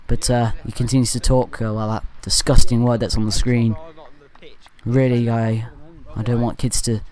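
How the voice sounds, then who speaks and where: A man giving casual voice-over commentary for a fan channel. He rambles and jokes, with off-topic asides and quick self-corrections. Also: mid-range voice, little pitch movement, a little mellow.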